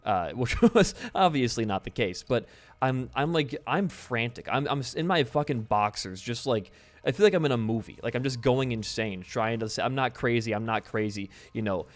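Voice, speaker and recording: A young adult man hosts a gaming video, mixing casual let's-play commentary with a story. He's chatty and rambling and swears casually. His voice is mid-range, with lively intonation and normal speed.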